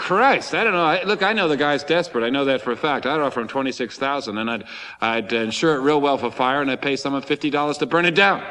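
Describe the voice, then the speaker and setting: A man performing a theatrical storytelling monologue, animated and breathless, slipping into comic voices. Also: medium pitch, fast, big-room sound, background noise.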